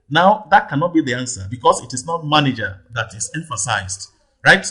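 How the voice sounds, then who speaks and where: A man's voice: on the high side, lively intonation, brisk, sharp tone, slightly rough, rough recording. A male tutor patiently explaining exam answers, repeating question numbers and checking with "right?". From Nigeria. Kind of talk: teaching lesson, explaining answers.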